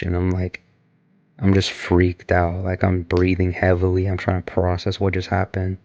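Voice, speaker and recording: A man's voice: low voice, completely flat delivery, moderate pace, a little mellow, dull audio. A young man casually retelling a story in a loose, rambling way, full of filler words. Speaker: vlogger recounting an experience.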